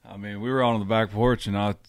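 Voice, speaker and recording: A man chatting casually on a podcast, halting often as he searches for the right words. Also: lowish voice, steady tone, slight background noise.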